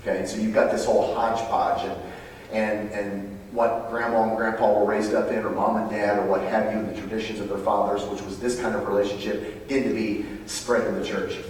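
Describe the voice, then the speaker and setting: American preacher guy, gets loud and high then drops quiet, big echoey hall, sounds far from the mic. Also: a little fast, a little hiss or hum. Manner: animated, climbs high and loud when stirred, then drops low and quiet. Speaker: pastor. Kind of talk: sermon.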